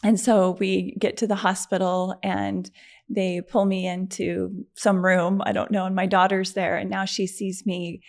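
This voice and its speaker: A middle-aged woman, a podcast guest, telling a personal story in a chatty, animated way, with many fillers and frequent laughs. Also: mid-range voice, unhurried. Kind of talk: conversational storytelling.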